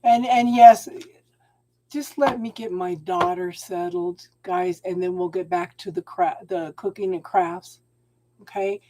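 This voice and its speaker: A middle-aged woman, hosting a live tarot reading and advising viewers in a warm, encouraging way, calling them hon. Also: lowish voice, fairly even intonation, a little slow, slight background noise. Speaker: tarot reader and channel host.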